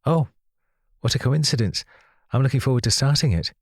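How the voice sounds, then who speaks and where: A man's voice: mid-range voice, expressive, fairly quick, husky, no echo, studio quality, voice pushed up. A man doing Rachel, an eager Yorkshire woman. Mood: eager, friendly. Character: young woman new to town, friendly.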